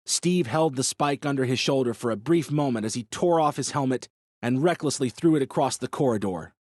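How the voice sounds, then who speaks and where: A male audiobook narrator reads in a measured, dramatic way at a mid pitch. He is recorded close on a studio mic. The sound is dry, with no room around it. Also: lively intonation, a little mellow, dry recording. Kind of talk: scripted narration.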